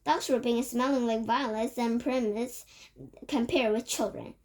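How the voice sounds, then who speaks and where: A woman voicing a domineering female witch leader, declaiming loudly and barking orders. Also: fairly high pitch, steady tone, normal speed, lightly acted. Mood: ranting. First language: Korean.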